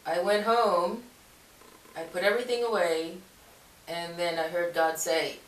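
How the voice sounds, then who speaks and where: A Christian video blogger tells a personal faith story casually and in a rambling way, frequently correcting herself and laughing. Her voice is fairly low and steady at a measured pace, recorded in an echoey room with her far from the mic.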